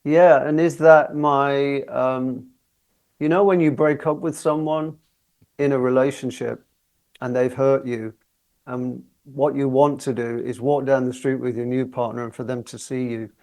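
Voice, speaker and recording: A man in his sixties, a guest singer telling stories in a relaxed interview, chatty and often laughing as he talks. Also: medium pitch, measured pace. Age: 60s.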